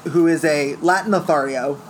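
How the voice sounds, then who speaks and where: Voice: medium pitch, moderate pace, a little hiss or hum. Speaker casually retelling a plot. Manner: storytelling, acts out lines in quoted voices.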